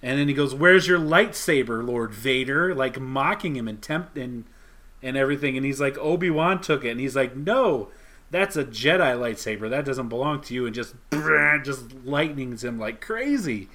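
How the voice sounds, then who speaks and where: A man talking casually on a podcast, his voice at an ordinary middle pitch. He rambles through a comic recap, stopping often to quote what the characters say. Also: expressive, normal speed, pushed and bright. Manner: rambling, retells scenes with quoted lines. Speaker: podcast co-host.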